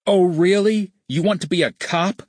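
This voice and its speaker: A man voicing a furious male company boss who yells with heavy sarcasm in an audiobook reading. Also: fairly low pitch, very animated, moderate pace, husky, dry recording, clean studio sound, exaggerated voice. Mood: furious sarcastic. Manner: yelling with dripping sarcasm.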